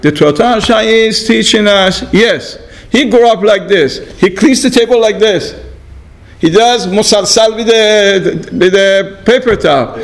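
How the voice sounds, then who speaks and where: A man teaches a scripture lesson in a slow, unhurried way, pausing on fillers and tossing out rhetorical questions. His voice sits high for a man and has a gravelly rasp to it. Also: low-quality recording. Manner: halting, pauses with fillers, asks rhetorical questions. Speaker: Torah teacher.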